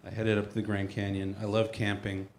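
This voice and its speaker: Wry stand-up comedian, echoey room. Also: male voice, on the low side, monotone, brisk, a little hiss or hum. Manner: wry, self-mocking storytelling.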